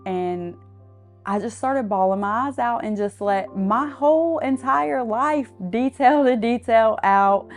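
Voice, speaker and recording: A woman's voice: fairly high pitch, takes it slowly, faint music behind. A woman in her twenties, a mother, earnestly telling her own story as a client, often quoting what others said. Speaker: client giving a testimonial. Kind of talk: personal testimony.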